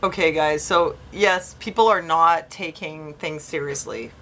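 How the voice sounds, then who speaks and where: A woman's voice: low-pitched, measured pace, bright, forceful tone. A woman vlogger giving casual commentary as she reads news aloud, with skeptical, sarcastic asides and quotes read in mocking voices.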